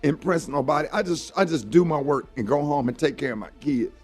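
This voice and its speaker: A man's voice: a little high, expressive, a little fast, breathy edge, soft background music. A middle-aged man hosting a morning radio show, telling a heartfelt story in an earnest way and saying "man" often. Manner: earnest, heartfelt, fills talk with "man" and "you know".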